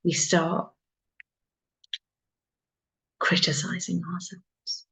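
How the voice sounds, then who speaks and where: A woman mentor talking in an earnest, reflective monologue, soft-spoken and repeating phrases for emphasis. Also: fairly low pitch, steady tone, drawn-out words, gravelly. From England. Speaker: soul mentor. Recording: dull lo-fi sound.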